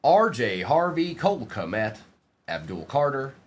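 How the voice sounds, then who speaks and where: Lively-voiced man hosting a card break. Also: medium pitch, unhurried, slight background noise. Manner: playful banter, reading out names to a live chat. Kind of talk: live-stream card break patter.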